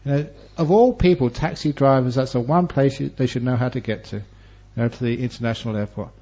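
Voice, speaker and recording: A man who is a Buddhist monk teacher, giving a Dharma talk and telling stories with humor and lively, varied delivery. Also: mid-range voice, quick pace, slightly rough. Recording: dull lo-fi recording.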